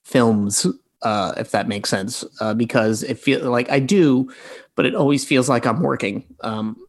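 Man, forties, gravelly, mid-pitched, rambling guest answers full of fillers. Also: measured pace. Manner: rambling, many fillers and restarts. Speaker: actor guest. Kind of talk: relaxed interview talk.

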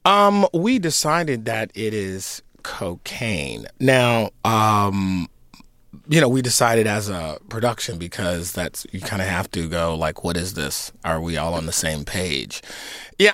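A man's voice: on the low side, a bit bright, dry recording, clean studio sound. A man in his fifties, an actor and singer, answering interview questions in a reflective, conversational way with fillers and restarts. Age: 50s. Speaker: actor and singer in an opera production.

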